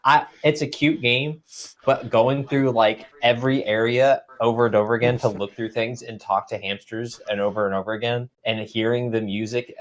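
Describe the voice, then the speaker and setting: A man's voice: mid-range voice, steady tone, normal speed. A man in a casual podcast chat who rambles, jokes crudely and often restarts his sentences. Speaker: podcast co-host.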